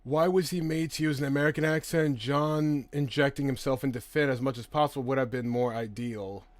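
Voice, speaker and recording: A man in the middle of a casual live stream, working through chat questions one by one. He talks in a loose, profane, chatty way and laughs easily. His voice sits at an ordinary middle pitch and comes across dry and close, with no room echo. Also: fairly even intonation, fairly quick. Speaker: host answering chat questions.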